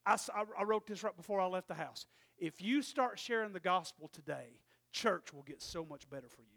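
Gravelly high-voiced preacher. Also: male voice, brisk. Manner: swings from loud emphatic preaching to quiet storytelling. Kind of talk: sermon with personal story.

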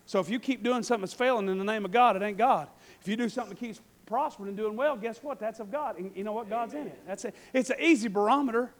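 A male preacher giving a fervent, folksy sermon, repeating phrases and rising into shouts. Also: sits high, fast. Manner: fervent, repetitive, breaks into shouting; folksy, conversational asides.

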